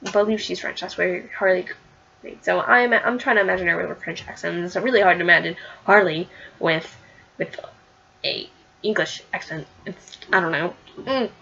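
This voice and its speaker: A woman's voice: fairly low pitch, moderate pace, vocal fry, sharp tone, slightly rough, lo-fi sound. Chatty woman reviewing comics. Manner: chatty, filler-heavy, giggly. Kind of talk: casual comic review vlog.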